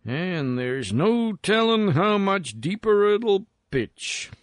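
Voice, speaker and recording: A man's voice: high voice, expressive, a little slow, no room sound, studio quality, pitched above the performer's own voice. A man doing a folksy old gold prospector. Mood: weary. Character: lone grizzled male gold prospector talking to himself.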